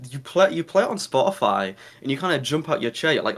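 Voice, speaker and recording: A man's voice: on the high side, big pitch swings, normal speed, few pauses, a bit bright. A man with a distinctly nasal voice chats as a guest on an informal show. He answers with eager enthusiasm and tends to ramble from one thought to the next. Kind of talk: casual chat.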